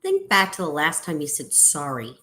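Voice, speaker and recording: A middle-aged woman, an ADHD coach, giving a reflective podcast monologue with a sing-song delivery that lifts high and drops to a near whisper. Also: huge pitch swings, normal speed, sharp tone.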